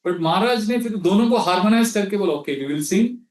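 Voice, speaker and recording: Quick-paced and animated, this man's high voice has a darkish tone, caught from a distance in an echoey hall. A spiritual teacher with an Indian accent, he lectures on scripture through storytelling and anecdotes, acting out quotes and slipping into Hindi.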